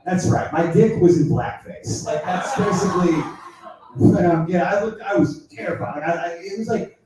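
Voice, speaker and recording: A man in the middle of a stand-up routine, rambling through a crude story with endless fillers. His fairly high voice comes from some distance off the mic and rings through a very echoey room. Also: moderate pace, crowd noise. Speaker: stand-up comedian. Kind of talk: stand-up set.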